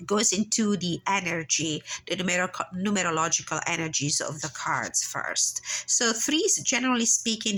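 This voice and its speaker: A tarot reader and channel host talks calmly and reflectively through a personal reading, reading guidebook passages aloud at an unhurried pace and often pausing on fillers. Her slightly low voice is congested and nasal from blocked sinuses, with a gravelly fry yet a bright, crisp top. The recording is low quality.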